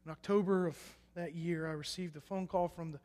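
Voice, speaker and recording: A young man preaching a personal testimony, swinging between loud emphatic bursts and hushed quiet lines. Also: a little high, steady tone, a little fast. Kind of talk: sermon testimony. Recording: echoey hall reverb.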